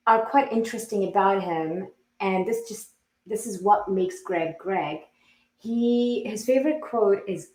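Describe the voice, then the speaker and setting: A woman's voice: medium pitch, moderate pace. A woman hosting a podcast interview, who laughs easily as she introduces her guest. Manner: warm, laughing often. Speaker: podcast host. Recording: roomy echo.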